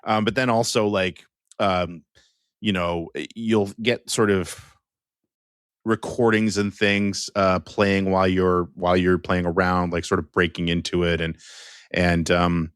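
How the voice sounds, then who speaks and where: Man, low voice, casual podcast co-host, easygoing, lots of fillers, dry studio sound. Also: little pitch movement, measured pace, clean tone, no echo. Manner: rambling, easygoing, many fillers. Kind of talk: casual chat.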